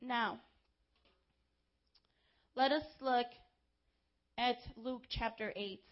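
A woman delivers a sermon in a high voice. She is impassioned and direct, talking straight to her congregation with informal asides. The recording is somewhat dull and lo-fi. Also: steady tone, extremely slow. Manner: impassioned, rising to shouts when quoting crowds. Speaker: preacher.

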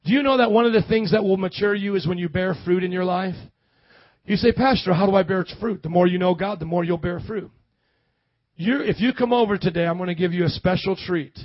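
A man from the American Midwest preaching a sermon as pastor, animated and calling on the congregation to answer back. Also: high-pitched, dry recording, lo-fi sound. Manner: animated, calls for congregation responses.

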